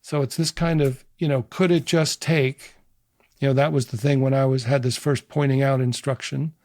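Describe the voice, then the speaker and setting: A man leads a meditation in a soft, unhurried way, his phrases searching and loose. His voice is warm and mellow. The sound is dry and close, with no room around it. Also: mid-range voice, fairly even intonation, dry recording. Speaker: meditation teacher and psychotherapist. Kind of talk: guided meditation and explanation.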